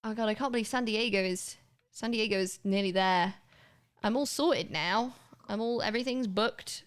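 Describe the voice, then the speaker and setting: A young woman talks to her viewers while she plays a game. Her talk is loose and chatty, with a laugh close at hand and the odd swear word. Her voice sits at a middle pitch. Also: moderate pace, clean tone. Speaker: live streamer. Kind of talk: casual gaming livestream chat.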